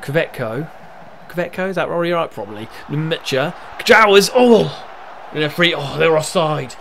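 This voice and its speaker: A man's voice: fairly high pitch, moderate pace, creaky, a little hiss or hum. A young man casually commentating on his own football management game, narrating play and cheering on his team. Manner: chatty, narrates match events, erupts with excitement at goals.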